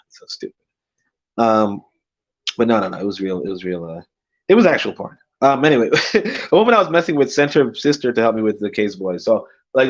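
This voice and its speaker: A man's voice: on the low side, muffled recording. Profane, agitated man ranting to viewers. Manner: profane, agitated, many filler words. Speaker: vlogger. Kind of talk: casual storytelling rant to viewers.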